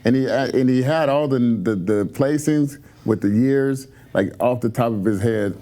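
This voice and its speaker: A man's voice: medium pitch, normal speed, mellow. A man on a talk panel, telling stories casually and laughing often. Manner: laughing, chatty storyteller. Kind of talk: casual storytelling on a talk show.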